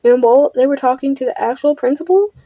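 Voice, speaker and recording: A woman's voice: high voice, quick pace, dark tone, no room sound, muffled recording. A teenage girl telling a storytime vlog while doing her makeup, blunt, defiant and full of swearing. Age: teens. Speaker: vlogger. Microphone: camera under a ring light.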